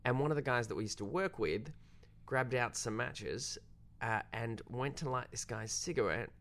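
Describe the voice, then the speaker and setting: A young Australian man, a filmmaker guest, telling a story in casual, self-deprecating chat. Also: normal speed. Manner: animated, self-deprecating, jumps pitch when quoting.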